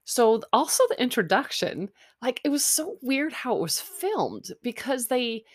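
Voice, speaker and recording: A woman's voice: on the high side, big pitch swings, normal speed. A young woman recapping a reality dating show in a chatty, sarcastic way, often mimicking people. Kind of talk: casual recap chat.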